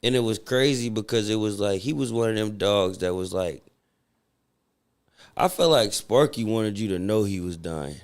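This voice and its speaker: A man's voice: lowish voice, normal speed. Laid-back young man, slangy chat. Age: young adult. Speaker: hip-hop artist guest. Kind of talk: casual interview chat.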